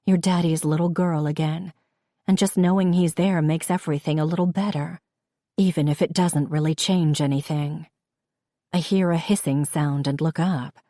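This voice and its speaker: A woman reading a novel aloud in the first person, with calm, reflective storytelling. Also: low-pitched, normal speed, no echo, clean studio sound. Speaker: audiobook narrator. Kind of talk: first-person scripted narration.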